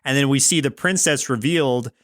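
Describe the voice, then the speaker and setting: A man's voice: mid-range voice, fairly quick, fairly bright tone, no room sound, clean studio sound. Chatty man recapping a cartoon. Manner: rambling storyteller, heavy use of "like", acts out quotes. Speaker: podcast co-host. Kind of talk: casual episode recap.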